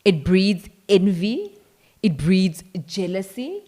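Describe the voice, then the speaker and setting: A South African woman in her thirties co-hosting a casual chat, lively and quick to laugh, often talking straight to viewers. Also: mid-range voice. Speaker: co-host.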